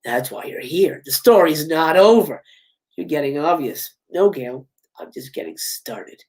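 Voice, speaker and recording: A man voicing a menacing male masked killer taunting someone over the phone in a low, hushed voice that slips into whispers, as part of a live script reading. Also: very animated, measured pace.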